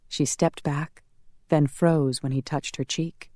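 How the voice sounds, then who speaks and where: An audiobook narrator reading a romance in a measured, calm manner. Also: medium pitch, no echo, clean studio sound. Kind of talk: scripted narration.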